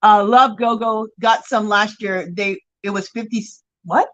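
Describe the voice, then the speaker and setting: A chatty woman hosts a casual livestream and keeps greeting her viewers by name. She reads their comments aloud and answers with gushing exclamations while she crochets. Her voice sits at an ordinary middle pitch for a woman. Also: steady tone, measured pace, dull audio. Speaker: livestream host.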